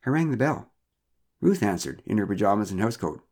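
A man telling a story from his own life, wry and dryly funny. His voice sits low but moves a lot, with an animated, expressive delivery. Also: fairly quick. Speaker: narrator. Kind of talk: storytelling narration.

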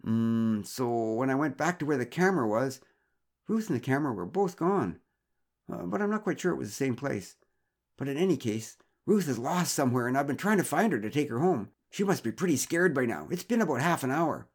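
A man's voice: medium pitch, animated, a little fast, pitched above the performer's own voice. A man voicing a nervous, flustered middle-aged father who is out of breath and rambles with stammers and fillers.

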